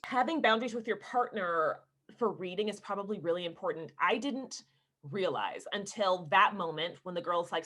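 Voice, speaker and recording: A woman from Texas, an actress telling stories in a casual video-call interview, lively and laughing as she acts out the people she quotes. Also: mid-range voice, moderate pace. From Houston, Texas. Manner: animated storyteller, laughing, acting out quoted people.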